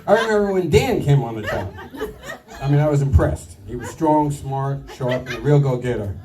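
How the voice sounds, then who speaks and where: A man giving a crude, self-deprecating roast speech at a party, with halting fillers. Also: mid-range voice, lively intonation. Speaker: retirement roast speaker. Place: banquet room with a crowd. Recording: distant mic, noisy room. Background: crowd laughter and chatter.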